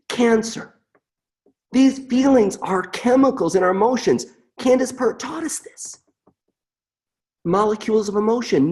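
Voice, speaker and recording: Expressive man with a lively voice. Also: high-pitched. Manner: earnest, emotive, repeats mantras. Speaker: webinar presenter. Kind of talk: emotional live demonstration.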